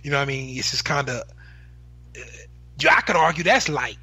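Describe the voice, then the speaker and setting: A man argues his side of a sports debate, with frequent stammers and restarts. His voice sounds bright and tense, with a husky edge. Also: fairly high pitch, expressive, dry recording. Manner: halting, with many restarts and stammers.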